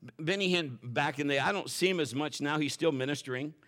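A middle-aged man preaching a sermon in a folksy, animated way, acting out quotes and dropping to a whisper for emphasis. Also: fairly high pitch, fast. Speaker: pastor.

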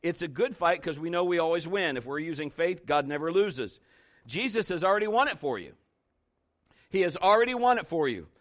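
A male pastor preaching a sermon with emphatic, animated storytelling. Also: a little high, brisk.

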